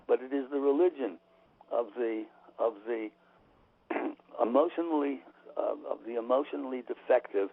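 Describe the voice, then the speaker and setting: This male author, a guest on a radio interview, comes through a thin, tinny phone connection. He is forceful and opinionated, frequently breaking off to start over, and his medium-pitched voice has vocal fry and a breathy edge.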